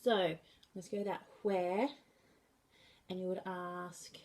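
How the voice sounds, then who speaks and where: A woman teaching a sign language class in a slow, patient way, often checking in with "okay". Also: fairly low pitch, steady tone, dark tone. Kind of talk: classroom lesson.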